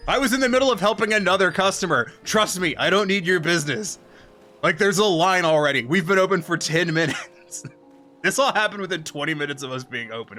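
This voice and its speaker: A man streaming, telling a story as a profane, animated rant in casual talk. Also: high voice, fairly quick, soft background music.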